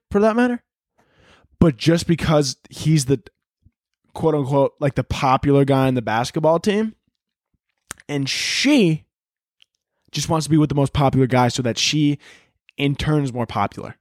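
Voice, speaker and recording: The clean, dry studio recording catches a young man at a medium pitch as he hosts a solo comedic podcast with a sore throat. He rants through his stories with plenty of profanity and animation, breaking into shouts to mimic other people.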